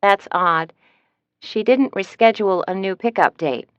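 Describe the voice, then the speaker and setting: A woman's voice: medium pitch, a little slow, dry recording, natural voice. A woman voicing a cheerful, talkative female travel agent in an audiobook, in a dry, slightly dull recording. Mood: chirpy.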